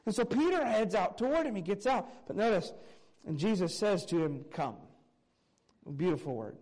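Man preacher, high voice, animated expository sermon that swings from raised points to soft asides. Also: normal speed, rough recording. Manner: earnest expository preaching, reading scripture aloud; animated, swinging between raised emphasis and quiet low asides. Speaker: pastor.

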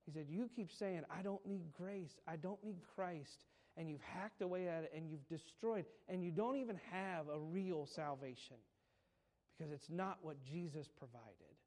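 A male pastor preaching a sermon, telling stories and building to slow, emphatic points. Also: fairly high pitch, darkish tone. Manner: preaches with swelling emphasis, slowing on key phrases.

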